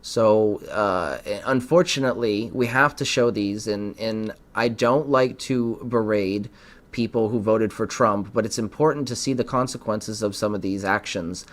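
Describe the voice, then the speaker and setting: A man's voice: fairly low pitch, unhurried. A man hosting a podcast, giving earnest political commentary and often stumbling over his words. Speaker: podcast host.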